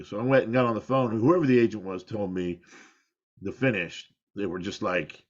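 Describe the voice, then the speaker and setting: A man's voice: on the low side, normal speed, slightly rough. A middle-aged man, a former pro wrestler, telling rambling, candid stories in an interview and laughing at himself. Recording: dull lo-fi audio.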